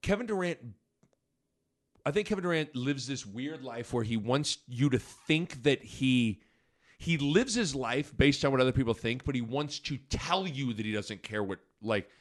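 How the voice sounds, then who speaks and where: A man's voice: medium pitch, lively intonation. A man hosting a casual sports podcast over wine, rambling through his points, cutting himself off and restarting often. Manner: rambling, self-interrupting, quick to apologize and restart. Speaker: podcast host.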